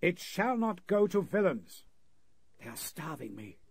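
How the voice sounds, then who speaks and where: Man playing a starved defiant captive, higher strained voice, slow deliberate refusals, husky, 1930s radio play. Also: very animated, no room sound, full character voice. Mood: faint. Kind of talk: 1930s radio drama acting.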